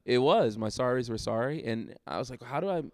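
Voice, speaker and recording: A man's voice: medium pitch, expressive, brisk, no echo, clean studio sound. A man, a pastor, talking candidly in a casual church discussion and laughing at himself as he tells stories.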